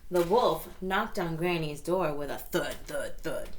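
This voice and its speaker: A woman reading a picture book aloud to children, playful and expressive, with chatty asides. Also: on the low side, unhurried, hardly any pauses.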